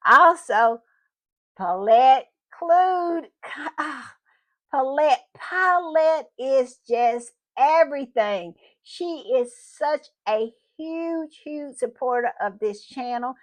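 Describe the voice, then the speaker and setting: A woman hosts her channel in an easy, chatty way. Her voice sits high, and she takes her time, stretching out phrases and repeating her thanks with warm emphasis. The delivery is effusive and unhurried. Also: expressive. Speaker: channel host. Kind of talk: casual chat.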